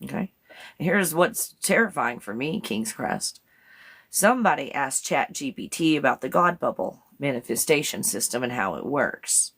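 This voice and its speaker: A woman's voice: a bass voice, expressive, normal speed, a bit bright, slightly rough. A woman hosting a live morning stream, chatty and rambling, often breaking into laughter. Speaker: live show host. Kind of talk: casual live-stream talk.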